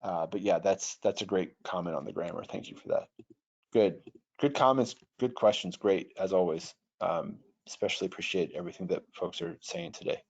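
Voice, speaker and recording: A man's voice: low-pitched, lively intonation, normal speed, vocal fry, breathy edge. A man teaching Greek grammar in an online webinar, patient and thoughtful, often restarting his sentences. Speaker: online Bible software trainer. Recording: dull lo-fi webinar audio.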